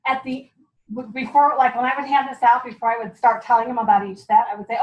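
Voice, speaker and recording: A woman giving a lively, chatty sales training talk to a group, laughing often and acting out what customers say. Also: on the high side, quick pace, slight background noise. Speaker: guest speaker. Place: meeting room. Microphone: far from the mic. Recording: echoey, dull, distant room recording.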